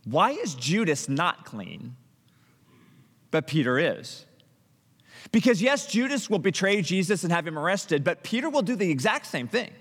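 Pastor preaching a story-driven sermon, fairly high voice, echoing church room. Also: male voice, measured pace. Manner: animated storytelling with frequent restarts and acted-out quotes.

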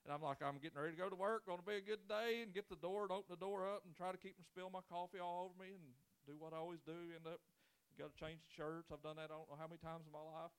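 A man's voice: a little high, fairly even intonation, fast, clean tone. A man in his forties, a pastor preaching a sermon with folksy, joking storytelling and casual grammar. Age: 40s.

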